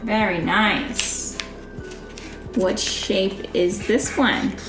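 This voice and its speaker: A woman patiently teaching her toddler at home, repeating simple questions and giving warm praise. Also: mid-range voice, steady tone, extremely slow. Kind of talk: homeschool teaching, one-on-one with a child. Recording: roomy room sound with music behind.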